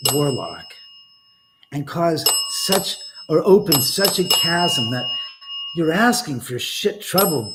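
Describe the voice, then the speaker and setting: An older man hosting a casual livestream from his house. He rambles while reading chat, swears often and breaks into sudden loud outbursts. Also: mid-range voice. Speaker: livestream host. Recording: loud background noise.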